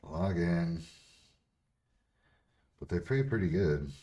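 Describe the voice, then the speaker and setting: Pria bersuara sangat rendah, bicara kasar. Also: male voice, sits low, animated, slow pace, mellow. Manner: profane, blunt, laughs often. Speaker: streamer answering chat questions. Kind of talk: casual livestream chat.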